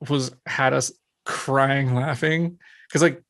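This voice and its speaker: A man's voice: mid-range voice, fairly even intonation, slow, a bit bright, no room sound. A man hosting a podcast, chatting casually in a joking, swearing manner that trails off mid-sentence. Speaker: podcast host. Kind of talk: casual chat.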